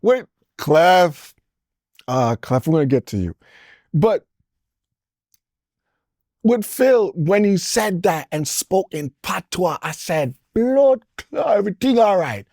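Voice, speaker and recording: A man's voice: on the high side, expressive, slow pace, long pauses, a little mellow, no echo, clean studio sound. A man in his forties, originally from the Caribbean, talking as an interview guest in a loose, rambling way that jumps between topics and is broken up by chuckles. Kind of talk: casual storytelling interview.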